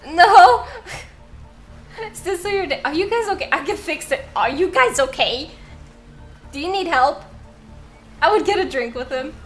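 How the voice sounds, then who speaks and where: A woman's voice: high voice, fairly bright tone. A young woman streaming a game from home, reading the game text aloud and chatting playfully with viewers, often giggling.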